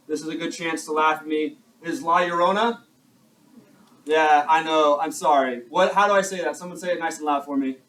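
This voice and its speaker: Male teacher, young adult, high voice, chatty and self-mocking, quizzing the class, distant mic in a classroom, faint hiss. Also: a bit bright. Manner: chatty, self-deprecating, asks the class questions. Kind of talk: classroom lecture.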